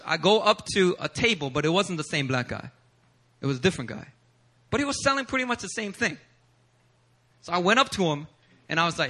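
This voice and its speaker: A male pastor from Philadelphia preaching a sermon in a church service, telling a personal story with humor and acting out quotes. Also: high voice. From Philadelphia, USA. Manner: animated, humorous, acts out quotes.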